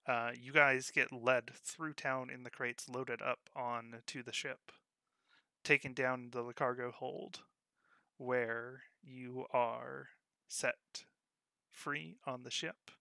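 A man narrating as game master of a tabletop game, in a relaxed, unhurried way. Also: medium pitch, creaky, dry recording, studio quality.

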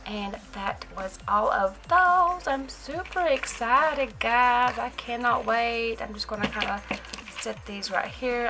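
A woman chatting casually in a haul vlog, gushing and excitable and repeating her exclamations. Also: on the high side. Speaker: nail art vlogger.

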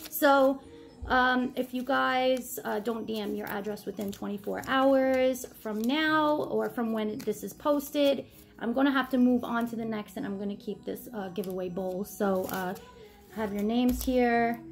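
A woman in her thirties hosting a casual vlog giveaway, bubbly and chatty, with excited asides. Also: a little high, a little slow, creaky, soft background music.

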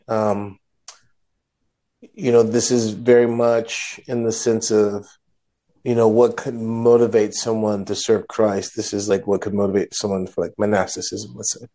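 A man's voice: fairly low pitch, dark tone. A man co-hosting a casual religious discussion, retelling scripture in a rambling way and correcting himself as he goes. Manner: rambling, self-correcting storyteller. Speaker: podcast co-host.

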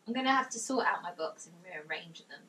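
A woman's voice: fairly low pitch, expressive, fairly quick, sharp tone, distant mic, slight background noise. A young woman in her bedroom, gushing and exclaiming as she unboxes gifts and reads notes aloud. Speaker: vlogger. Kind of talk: excited unboxing vlog.

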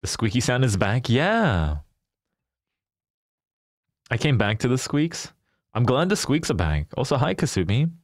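A man's voice: mid-range voice, very animated, measured pace, long pauses, dry recording, clean studio sound. A young man live-streaming a game, chatting casually and animatedly with his viewers and laughing often.

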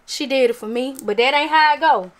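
Fairly quick and high-voiced, a woman talks to her viewers on camera about the crafts and gift-basket goods she picked up, in a relaxed but emphatic and talkative way, like a typical haul vlog.

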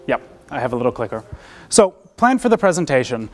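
A man's voice: medium pitch, big pitch swings, brisk. Young American male presenter, informal academic delivery, self-deprecating and chatty. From United States. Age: young adult. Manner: casual, self-deprecating, many fillers and restarts. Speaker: seminar presenter. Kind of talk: academic seminar talk. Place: lecture room.

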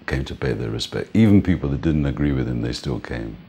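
An older man interviewed as a music manager, telling relaxed stories and often laughing and saying "man". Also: a bass voice, quick pace, creaky, a little hiss or hum. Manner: relaxed, reminiscing, often says "man", laughs between points. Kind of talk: casual storytelling interview.

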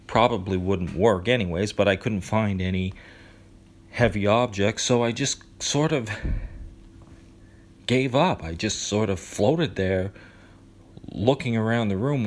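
A man narrating a first-person horror story in a casual, conversational way. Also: lowish voice.

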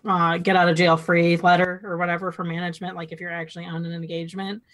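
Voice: mid-range voice, level tone, fast, fairly bright tone. A podcast co-host adding a casual aside. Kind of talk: conversational interview.

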